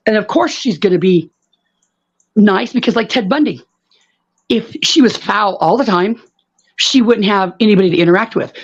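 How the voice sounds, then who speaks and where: A woman rants on a live online panel, blunt and full of curses. She hammers the same point again and again. Her middle-pitched voice comes through a muffled, lo-fi call. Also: slightly rough. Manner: blunt, profane, repetitive. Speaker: panel guest. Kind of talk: heated live panel rant.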